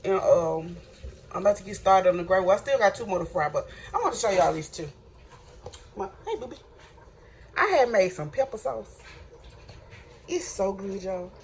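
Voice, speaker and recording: A woman's voice: medium pitch, expressive, moderate pace, pauses often, darkish tone. Chatty woman cooking in a noisy kitchen. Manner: chatty, keeps addressing viewers as y'all. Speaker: home cook vlogger. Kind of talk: casual cooking vlog. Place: home kitchen with frying on the stove. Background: sizzling pan and running tap.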